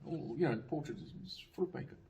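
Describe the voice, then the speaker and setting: A man's voice: fairly high pitch, fast, mellow. An older man telling a casual, rambling anecdote, full of fillers, restarts and chuckles. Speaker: storyteller.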